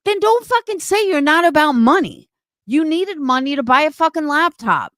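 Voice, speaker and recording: A woman's voice: high-pitched, lively intonation, moderate pace, a bit bright, dry recording. A woman streamer delivering an angry, profane, confrontational rant on a livestream.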